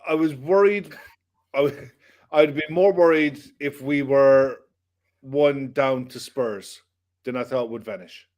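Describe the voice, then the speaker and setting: A man co-hosting a football reaction podcast, talking in a relaxed, rambling way. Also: medium pitch, slow. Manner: relaxed, rambling, repeats himself. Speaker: podcast co-host.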